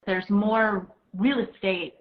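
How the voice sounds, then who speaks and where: A woman's voice: medium pitch, fairly even intonation, slow, lo-fi sound. A woman leads a makeup tutorial, coaching her student through each step. She talks in an encouraging, hands-on way, with plenty of casual filler words. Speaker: makeup instructor.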